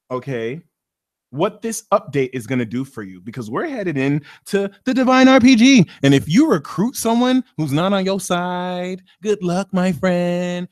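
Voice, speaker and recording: Excitable man with a lively high voice. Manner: theatrical, excitable, jokey. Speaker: astrology reader and live stream host. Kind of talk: live stream Q&A chat.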